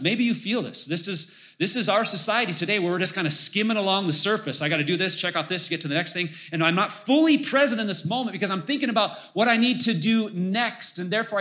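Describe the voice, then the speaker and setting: A man's voice: high-pitched, fairly bright tone. A middle-aged man preaching a sermon as pastor, conversational and emphatic, repeating phrases for emphasis.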